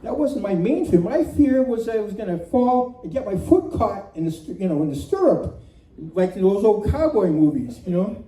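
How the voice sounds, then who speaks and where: Male storyteller, animated and self-mocking; distant, roomy community-center recording with faint background noise. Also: high-pitched, normal speed. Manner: animated and self-mocking, laughing through lines. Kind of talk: live comic storytelling. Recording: echoey room from far off, faint noise.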